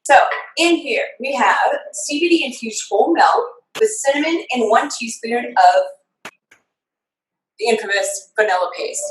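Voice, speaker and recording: A woman's voice: a little high, animated, a little slow, a little hiss or hum. A woman chef chatting through a live cooking demonstration, laughing often and explaining measurements step by step. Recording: roomy echo, far from the mic.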